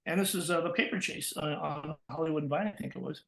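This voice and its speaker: An older man from Texas, a voice actor telling lively stories in an interview, acting out quotes and laughing often. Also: on the high side, quick pace, vocal fry. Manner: animated, acts out quotes with laughs. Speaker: guest, voice actor and coach. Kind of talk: storytelling interview.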